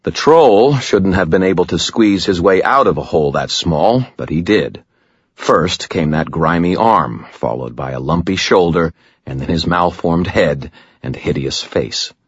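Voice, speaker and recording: A man's voice: very deep voice, husky, no room sound, muffled recording. A man narrating an audiobook in the first person, with dry, wry storytelling.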